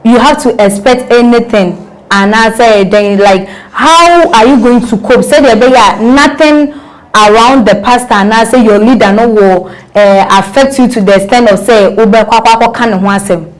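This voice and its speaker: A woman's voice: fairly high pitch, normal speed, low-quality recording. A woman interviewing a pastor, mixing English with Twi.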